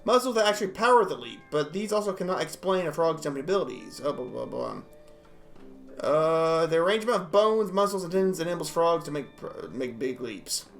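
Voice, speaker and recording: A man reacting to animal clips in a jokey, excitable way, reading facts aloud, often laughing and stumbling over words. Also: fairly high pitch, fairly quick, few pauses, soft background music. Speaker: video reactor.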